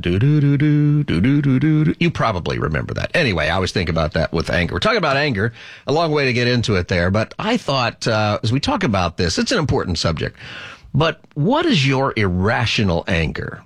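Animated low-voiced male radio host. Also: quick pace, dry recording, clean studio sound. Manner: animated, laughs often, rambling storytelling. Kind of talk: call-in radio talk.

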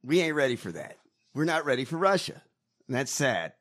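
A man's voice: mid-range voice, very animated, a little fast, fairly bright tone. A man co-hosting a casual political commentary show, profane, mocking and heckling. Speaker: podcast co-host.

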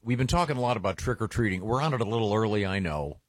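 A man hosting a radio show, rambling and halting through stories with the odd chuckle. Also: on the low side, expressive, dry recording. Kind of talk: morning radio banter. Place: radio studio. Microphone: close studio mic.

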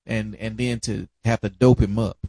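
A middle-aged man, recalling caring for a dying family member in a reflective, halting way. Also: on the low side, fairly even intonation, creaky, warm tone, no room sound. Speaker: family caregiver. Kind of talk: casual family conversation.

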